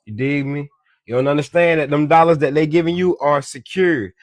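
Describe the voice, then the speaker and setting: Clean studio sound with no room sound carries this man's fairly high, slightly fast voice. As a social media commentator, he preaches casually and profanely about money, repeatedly saying "you dig me" and addressing listeners as "beloved."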